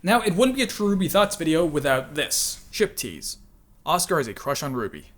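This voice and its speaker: A man's voice: on the high side, sing-song, moderate pace, fairly bright tone. A man hosting a casual video commentary, chatty and self-deprecating, with frequent laughs and filler words. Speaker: channel host and voice actor.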